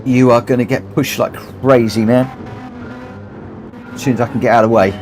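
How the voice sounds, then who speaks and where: A man's voice: mid-range voice, fairly even intonation, brisk, darkish tone, soft background music. A man hosting a charity gaming livestream, emotional and grateful, repeating his thanks as he gets choked up. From United Kingdom. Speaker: livestream host and racing gamer.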